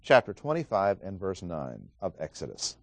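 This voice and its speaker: A man's voice: low-pitched, wildly swooping pitch, moderate pace, gravelly, a little hiss or hum. A man teaching a Bible study lecture, methodically stressing key words as he reads scripture aloud, with frequent "uh" fillers between thoughts.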